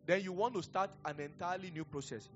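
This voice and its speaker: A man's voice: sits high, fast, fairly bright tone. A middle-aged man with a Nigerian accent, a pastor preaching a sermon in a chatty, rambling way, breaking off into stories with chuckles. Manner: conversational, digressive storytelling with chuckles. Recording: dull lo-fi sound with faint music.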